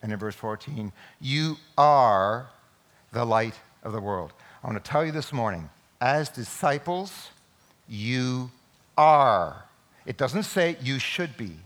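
A man preaching a Sunday sermon in a church, emphatic, with sudden loud peaks. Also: mid-range voice, expressive, slow. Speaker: pastor.

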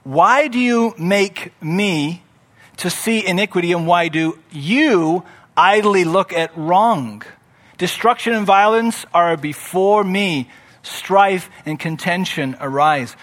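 A man delivers a sermon in a notably high voice. He reads scripture aloud and dramatizes the speakers with rising, emphatic energy, then drops back to a conversational teaching tone. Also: animated, measured pace, fairly bright tone. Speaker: pastor.

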